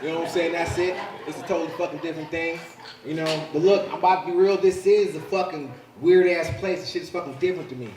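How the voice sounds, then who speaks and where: Loud profane man doing stand-up. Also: a little high, fast talker, slight background noise. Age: 40s. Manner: profane, loud punchy delivery with frequent "you know what I'm saying". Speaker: stand-up comedian. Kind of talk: live stand-up set. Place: comedy club stage with audience laughing. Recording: roomy live club sound from a distance.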